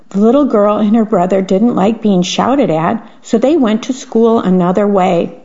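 A woman reading picture books aloud, gently adding her own comments on the pictures. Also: mid-range voice, moderate pace, gravelly, muffled recording. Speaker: storyteller.

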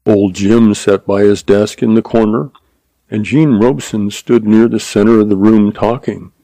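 Gravelly low-voiced male storyteller. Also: steady tone, normal speed, dark tone, dry recording, poor audio. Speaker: audiobook narrator. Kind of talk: scripted narration of a Western story.

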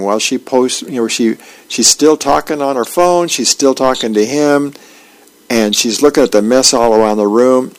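Gravelly volunteer newspaper reader, man. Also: mid-range voice, poor audio. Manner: plain, unhurried reading with small slips. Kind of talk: reading the newspaper aloud on radio.

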